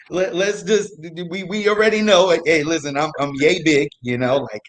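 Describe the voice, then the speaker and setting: A man's voice: fairly high pitch, unhurried. A young man telling a true story on a live show, casual and laughing through it. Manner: laughs through his story, animated asides. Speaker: guest storyteller.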